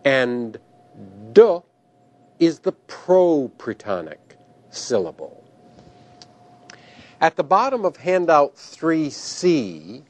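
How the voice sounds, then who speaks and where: A male teacher lecturing in a slow, unhurried way, his pitch rising and falling a lot as he stresses each term. He sounds careful and methodical, walking students through a recorded grammar lesson. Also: darkish tone. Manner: slow and deliberate, careful pronunciation of terms.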